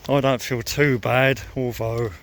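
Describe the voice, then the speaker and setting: A man vlogging as he walks outdoors by a lake, thinking aloud in a slow, musing way and noting that he feels a bit sore. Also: medium pitch, little pitch movement, fairly bright tone. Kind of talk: casual walking commentary.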